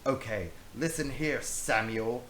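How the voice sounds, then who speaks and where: A man's voice: medium pitch, slow, fairly bright tone. A man voicing a smug, villainous pirate captain with a sneering, theatrical delivery, in an echoey room with faint hiss. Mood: mocking.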